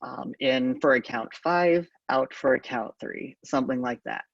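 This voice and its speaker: A man with a gravelly voice gives a calm, halting conference talk, often pausing with ums. The sound is dry, distant from the microphone and dull, like a lo-fi event recording. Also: medium pitch, dry recording. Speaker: conference speaker.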